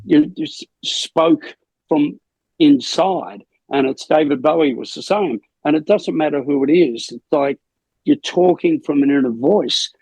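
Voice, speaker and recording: An older man, a rock singer being interviewed, telling rambling anecdotes in a gravelly, husky voice. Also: a little high, measured pace, darkish tone, no room sound, low-quality recording. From Australia. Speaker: lead singer, interview guest. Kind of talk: casual storytelling interview.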